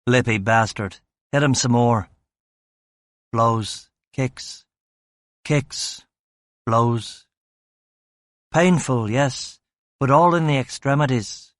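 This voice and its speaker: A male audiobook narrator delivering terse, clipped first-person narration. He sits in a mid pitch, takes his time, and sounds dry and close with no room around him. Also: drawn-out words, pauses often, dry recording. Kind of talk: scripted narration.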